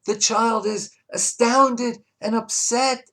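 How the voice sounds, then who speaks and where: A man teaching a Torah class, reading Hebrew text aloud and explaining it in English, with emphatic and soft passages. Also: very high-pitched, fairly even intonation, slow. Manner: storytelling, swings between loud emphasis and soft asides.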